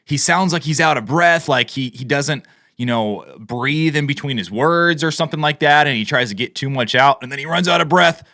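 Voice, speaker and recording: A man's voice: mid-range voice, moderate pace, sharp tone, no room sound, clean studio sound. A man giving casual, opinionated commentary over played video clips. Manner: opinionated, conversational, frequent fillers. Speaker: political commentator.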